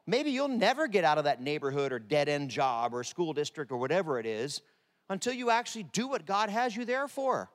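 A man preaching a sermon in a humorous way, with deadpan jokes and lively asides. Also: on the high side, fairly quick. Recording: long reverb of a large hall.

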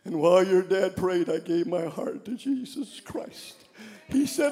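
An older man preaching a sermon, passionate and shouting his refrains. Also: high-pitched, moderate pace, big-room sound. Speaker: pastor. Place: church sanctuary.

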